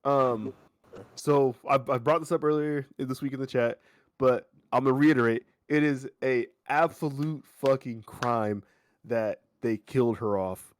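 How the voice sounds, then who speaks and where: A man's voice: medium pitch, steady tone, unhurried. A man co-hosting a podcast, joking and debating in casual chat. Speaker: podcast co-host.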